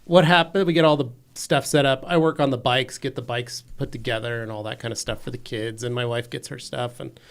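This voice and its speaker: A man's voice: medium pitch, steady tone, brisk, few pauses, clean tone. A man co-hosting a podcast in a studio, telling a story in a casual chat and acting out the voices of his family. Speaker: podcast co-host.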